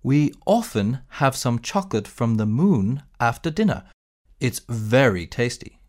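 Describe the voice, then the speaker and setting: A man reading a textbook story in clear, measured narration, as a space captain telling his own adventure. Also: mid-range voice, sing-song, darkish tone. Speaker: textbook audio reader.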